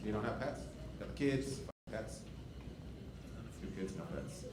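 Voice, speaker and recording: A male comedian doing crowd work on stage, teasing and profane, dropping to low mutters and then shouting. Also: animated, measured pace. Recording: echoey club with loud crowd noise. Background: loud laughing audience.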